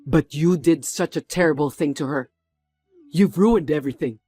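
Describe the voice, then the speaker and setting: A man's voice: on the high side, normal speed, mellow, husky, soft background music. A man voicing a company executive who sternly scolds someone for her cruelty in a drama. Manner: stern, reproachful.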